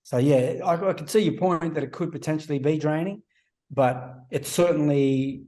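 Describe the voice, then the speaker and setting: A man's voice: a little high, normal speed, mellow. A man in his forties, a former rugby player guesting on a casual podcast interview, telling anecdotes and acting out the voices of people he quotes. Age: 40s.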